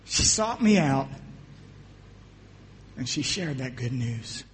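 During a sermon, an American pastor tells a personal story, voicing the dialogue himself and frequently falling to a hush. His voice is medium-pitched, animated, and slow, with slight background noise.

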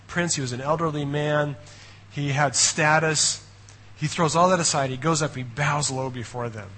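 A male pastor telling a story in a sermon with lively, conversational energy, often tossing in "okay?" and "right?". His voice sits a touch high and sounds bright and forward, with a husky grain. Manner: animated storytelling.

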